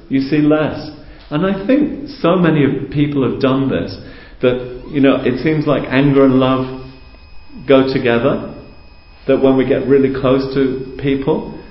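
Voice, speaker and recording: A man giving a calm, conversational teaching talk to a group, explaining patiently and asking rhetorical questions. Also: medium pitch. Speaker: spiritual teacher. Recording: roomy, dull lo-fi recording.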